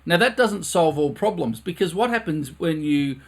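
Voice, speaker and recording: A man's voice: fairly high pitch, animated, moderate pace. A man teaching a live-streamed brass lesson from his recording studio, earnest, repeating phrases over and over for emphasis.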